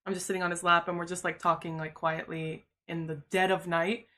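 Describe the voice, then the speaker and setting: A woman's voice: on the low side, level tone, fairly quick, pushed and bright, a little hiss or hum. A woman streamer telling a personal story in casual chat, talking loosely and filling her sentences with "like" and "you know". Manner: chatty, filler-heavy, uses "like" constantly.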